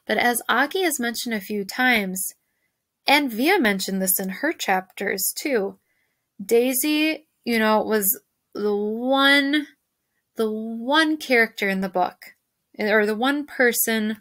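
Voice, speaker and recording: A woman teacher talks a class through a novel in a gentle, reflective way. She restarts her sentences and leans on "you know" as she thinks aloud. Her mid-pitched voice is recorded close and dry, with no room sound. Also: dry recording.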